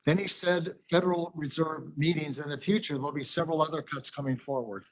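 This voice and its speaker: A man calmly walks through his argument at a county board meeting's public comment. His voice sits a little high. He talks in steady, explanatory sentences. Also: a little fast, a little hiss or hum, rough recording.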